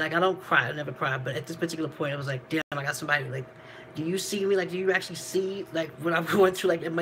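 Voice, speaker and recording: A woman's voice: deep voice, a bit bright, a little hiss or hum, rough recording. A woman vlogger telling a candid personal story, rambling and profane, laughing between lines.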